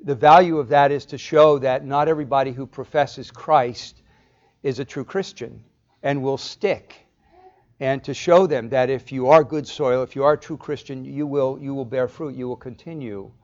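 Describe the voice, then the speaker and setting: A man's voice: mid-range voice, moderate pace, a little mellow, muffled recording. A male pastor delivering an expository sermon, explaining step by step and putting rhetorical questions to the congregation.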